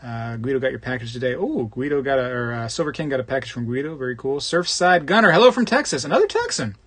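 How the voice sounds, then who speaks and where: A man hosts a live stream in a loose, chatty way, reading out viewer comments and joking with them by name. His voice sits at an ordinary middle pitch. He rambles and drifts easily from one topic to the next. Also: expressive, fast, fairly bright tone. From Florida. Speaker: host of a live coin collecting stream.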